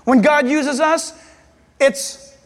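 A man preaching a sermon as pastor, animated and acting out voices and jokes. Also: very high voice, extremely slow. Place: church hall. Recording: reverberant hall.

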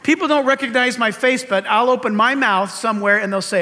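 Asking earnest rhetorical questions from the pulpit, an older pastor delivers a sermon in a high, reedy voice some have compared to a cartoon frog. His pace is fairly quick and his tone sharp.

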